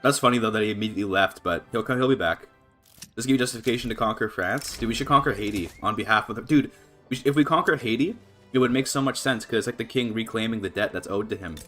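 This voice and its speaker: A man with a fairly low voice talks fast over soft background music, casually commentating a strategy game on a live stream. He thinks aloud, restarting often and using plenty of fillers. He laughs a lot, and his voice jumps up when he gets excited.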